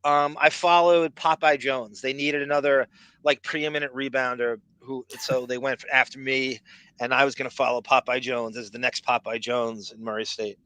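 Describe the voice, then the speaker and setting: A male podcast host, chatting casually and rambling through stories, breaking into loud laughs. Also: mid-range voice, normal speed, clean tone, no room sound, low-quality recording. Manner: rambling, laughs loudly, animated storytelling. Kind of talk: casual chat.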